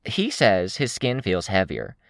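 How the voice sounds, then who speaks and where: A man voicing Shamrock, a breezy, offhand young woman in an audiobook, raised high. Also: huge pitch swings, a little slow, creaky, a bit bright, no echo, studio quality, full character voice. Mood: airy.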